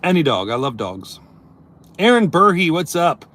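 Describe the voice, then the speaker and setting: A man's voice: a little high, sing-song, normal speed, a bit bright. A man who works as a service plumber chatting casually on a live stream from inside his work van, reading viewer comments and joking loosely.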